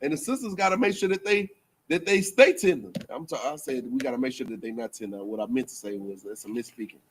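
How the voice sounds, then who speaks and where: A man's voice: mid-range voice, quick pace, slight background noise. A man giving a casual, rambling preaching talk to a group, full of slang and repeated phrases. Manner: rambling, repetitive, colloquial. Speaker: speaker in a group teaching session.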